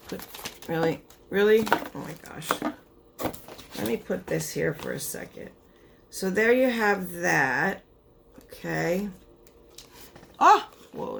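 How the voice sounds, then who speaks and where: A woman's voice: mid-range voice, gravelly, fairly bright tone, a little hiss or hum. A young woman vlogger chatting casually through a beauty box unboxing, tired, her voice giving out, rambling and cutting herself off. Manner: chatty, rambling, self-interrupting.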